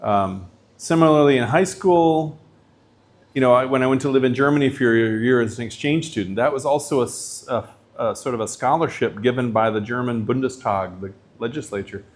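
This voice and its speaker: A middle-aged male professor gives a course lecture at a medium pitch. He talks in a loose, chatty way and fills his sentences with "like" and "you know." He turns points into stories and keeps an animated pace. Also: a little fast. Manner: casual storytelling, animated, uses filler words. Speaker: visiting professor.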